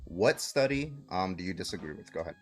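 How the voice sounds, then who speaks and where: A man's voice: sits low, animated, fast talker, soft background music. A man hosting a livestream debate, citing studies, repeating his question insistently and mocking his opponent. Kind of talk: heated online debate.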